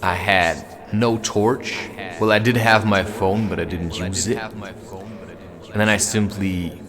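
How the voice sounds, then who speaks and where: Walking through a forest at night with a handheld camera, a man vlogs a rambling spiritual musing, meandering and interrupting himself as he goes. His voice is on the low side and steady, his pace slow, with a crowd audible behind him.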